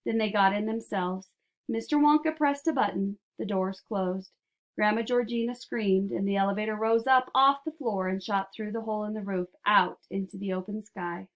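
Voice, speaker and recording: Woman narrator, mid-pitched, steady storybook read-aloud. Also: moderate pace.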